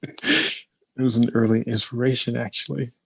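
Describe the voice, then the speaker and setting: A man, a playwright and teacher, talking casually and thoughtfully, pausing often with ums and uhs. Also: mid-range voice, little pitch movement, vocal fry, a bit bright, slightly rough, no echo. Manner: slow, thoughtful, with many hesitations. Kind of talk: casual conversation.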